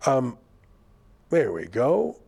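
A man's voice: medium pitch, wildly swooping pitch, extremely slow, gravelly, warm tone, breathy edge. An older man hosting a political commentary show, sarcastic and indignant as he mocks the statements he reads out.

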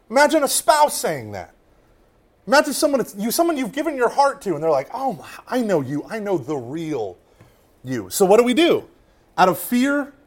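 A man giving a lively faith talk to a room of listeners, swinging from loud emphasis to hushed asides and often checking in with "right?". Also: high-pitched. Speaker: Catholic speaker.

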